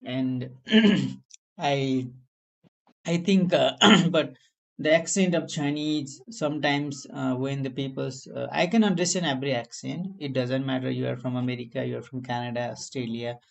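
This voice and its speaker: A man with an Indian accent talks English as a second language in a relaxed chat. He sounds earnest and encouraging, and his grammar is plainly non-native. His voice sits at an ordinary middle pitch. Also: normal speed, gravelly. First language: not English. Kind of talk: casual language-exchange chat.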